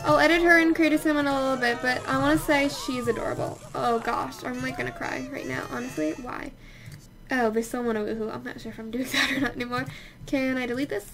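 High-voiced chatty woman gaming. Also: steady tone, brisk, gravelly, noisy background. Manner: chatty, exclaiming and scolding the game characters. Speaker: let's play host. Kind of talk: casual gameplay commentary.

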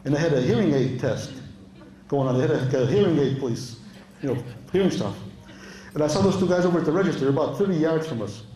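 Chatty comedian in an echoey club. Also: male voice, on the high side, expressive, fast, mellow, a little hiss or hum. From Europe. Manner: chatty, laughs at own stories, quotes people in a raised voice. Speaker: stand-up comedian. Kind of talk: stand-up storytelling. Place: live club show.

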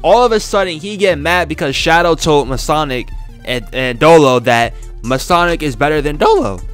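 A young man trash-talks a rival in a boastful, profane YouTube rant. His fairly high voice swings up and down with animated energy, over faint music in the background. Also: moderate pace, smooth. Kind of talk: trash-talking diss rant.

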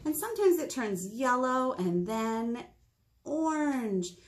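A woman who works as a children's librarian reads a picture book aloud with lots of animation, posing questions to the children as she goes. She speaks slowly in a slightly high voice.

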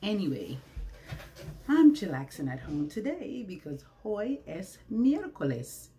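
A woman's voice: mid-range voice, sing-song, unhurried, warm tone. A woman talking to her viewers from home, chatty and preachy, asking rhetorical questions. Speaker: vlogger. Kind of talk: casual vlog monologue. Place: at home, indoors. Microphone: camera facing her, with ring light.

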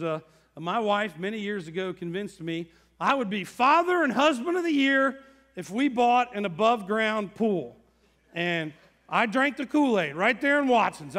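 A middle-aged man preaching a sermon, animated, acting out voices from the story. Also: high voice, long reverb tail. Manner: animated, acts out quoted voices. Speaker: pastor. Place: church sanctuary.

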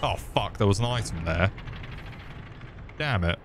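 Faint music plays behind this casual gaming stream, where a man talks to his viewers at a measured pace. His voice is on the low side and animated, and he curses often while trading jokes with chat.

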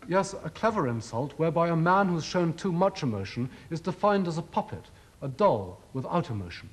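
Speaking a little fast, a man delivers a formal TV lecture with animated, sweeping changes in pitch. Ironic stress and rhetorical buildup shape how he makes each point.

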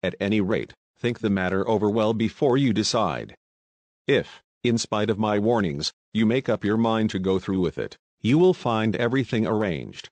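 A man reading a formal gentleman's letter of advice in a storybook, measured and polite. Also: fairly low pitch, expressive, dry recording. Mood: advising.

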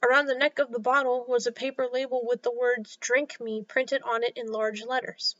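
A woman reads a children's story aloud with clear, expressive delivery. Her voice is high and bright. The recording is a little dull and lo-fi. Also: a little fast. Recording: slightly dull lo-fi sound.

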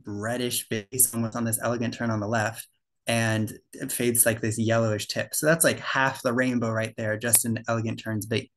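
A man's voice: medium pitch, slight background noise. A young man giving a casual slide presentation to a birding club, talking loosely with fillers and self-corrections.

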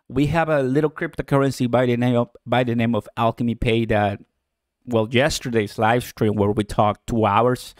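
A man hosting a casual live stream about cryptocurrency from home in the morning, excitable and chatty, laughing often and talking straight to his viewers. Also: medium pitch, no room sound, studio quality. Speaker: crypto livestream host.

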